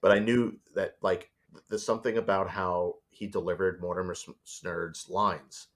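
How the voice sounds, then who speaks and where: A man speaking as a storyboard artist guest in a casual interview, telling stories in an animated way and acting out voices. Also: deep voice, moderate pace.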